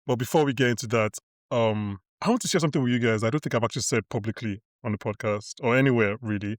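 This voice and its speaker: A man's voice: medium pitch, fast, dry recording. Male podcast host, casual and rambling, dry close-miked sound. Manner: rambling, filler-heavy, laughing. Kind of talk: casual chat.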